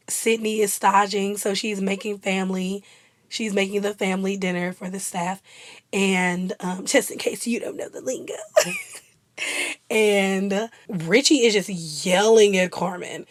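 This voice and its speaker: A woman's voice: medium pitch, no echo. A young woman chatting casually and laughing often as a vlogger. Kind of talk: casual chat.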